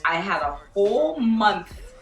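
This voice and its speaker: A young woman telling a profane, animated storytime vlog and acting out quoted dialogue. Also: mid-range voice, slow. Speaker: vlogger. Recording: echoey room from far off with faint music.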